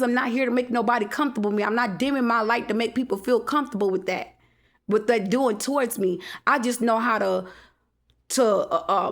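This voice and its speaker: A woman, venting to camera in a defiant, repetitive monologue full of swearing. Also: fairly high pitch. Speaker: vlogger.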